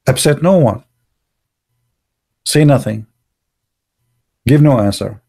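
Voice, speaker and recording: With a gravelly, dark, mellow voice in the mid range, this online show host from the Arab world speaks slowly. His opinionated livestream monologue is blunt, in broken, non-native English, and leans on rhetorical questions to press each point.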